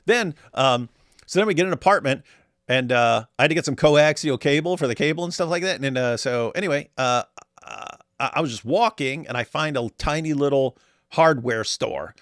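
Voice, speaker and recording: A man's voice: medium pitch, moderate pace, fairly bright tone, no room sound, studio quality. A man hosting a casual reaction commentary, telling rambling stories with jokes and sarcasm. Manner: rambling, joking, sarcastic storytelling. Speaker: commentary host.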